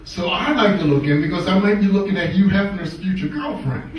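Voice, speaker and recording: A man doing a stand-up comedy set on a club stage, animated and playful, with audience laughter around him. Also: sits high, a little fast, crowd noise. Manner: animated, playful delivery with quoted voices. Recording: roomy club sound from a distant mic.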